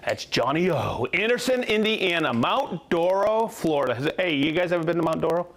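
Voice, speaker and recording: An upbeat man hosting a live stream from a workshop, his voice sitting a little high and swinging widely in pitch. He talks in a chatty, friendly way, reading off one viewer location after another. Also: big pitch swings, normal speed, a bit bright. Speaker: host of a company livestream. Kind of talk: live product demo and viewer shout-outs.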